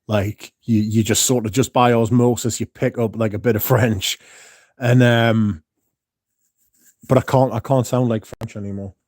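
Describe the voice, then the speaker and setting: Guy rambling on his livestream, reading chat out loud, low mellow voice, drops a swear here and there. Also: steady tone, unhurried. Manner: chatty, reads out viewer comments and answers them; swears casually, rambling asides. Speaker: livestream host.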